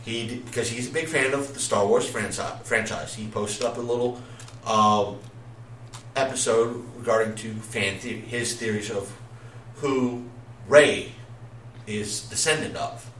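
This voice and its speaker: A man's voice: mid-range voice, measured pace, a bit bright. Male podcast host, loose and rambling, recorded far off the mic in a roomy space. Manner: rambling, many filler sounds and restarts. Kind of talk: casual chat. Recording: echoey room, distant mic, faint noise.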